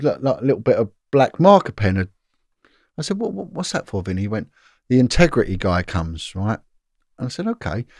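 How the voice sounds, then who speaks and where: A middle-aged man tells a long story as a guest, voice sitting at an average pitch. His telling is loose and animated, full of restarts and repeated words. The sound is close and dry, with no room around it. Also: no room sound. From Britain. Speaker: former police detective, guest. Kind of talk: casual storytelling interview.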